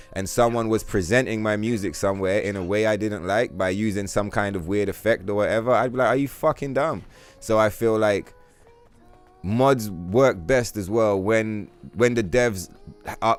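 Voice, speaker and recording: A man's voice: lowish voice, clean tone. Rambling, swearing male game streamer. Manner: rambling, animated, heavy swearing and slang. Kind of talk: casual livestream chat while gaming.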